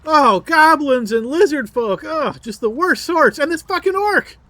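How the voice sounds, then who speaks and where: A boastful captive elf bard rattles on in a very high, piercing voice. He stammers and chatters with theatrical flair. The tone is bright and sharp throughout. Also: animated, a little slow, dry recording, heavily acted. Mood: haughty. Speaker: game master. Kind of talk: tabletop role-play voice acting.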